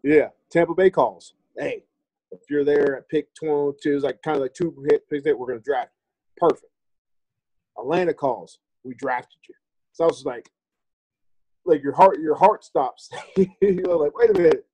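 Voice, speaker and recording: A man's voice: on the high side, moderate pace, dark tone, husky, no room sound, muffled recording. An American man in his thirties, a former pro running back, telling his story casually and candidly as a podcast guest, with some swearing and acted-out conversations. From United States. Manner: candid and loose, swears freely and acts out remembered conversations.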